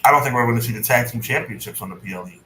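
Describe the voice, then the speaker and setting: A man's voice: medium pitch, rapid-fire, crowd noise, low-quality recording. A man co-hosting a casual wrestling podcast, making blunt, sardonic remarks. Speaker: podcast co-host.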